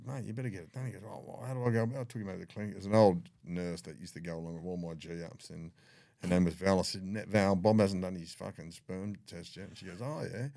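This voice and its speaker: A man's voice: low-pitched, creaky, a little mellow, no room sound, clean studio sound. A middle-aged Australian man telling profane, laughing stories as a podcast guest. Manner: profane, laughing yarn-spinner. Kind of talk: casual storytelling.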